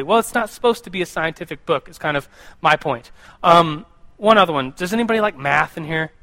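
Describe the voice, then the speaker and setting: A young American man, likely a youth pastor or Bible teacher, gives a casual sermon to a live group. His voice sits high and sounds sharp, with lively intonation at a fairly quick pace. He rambles, repeats words, and often stops to ask his listeners questions.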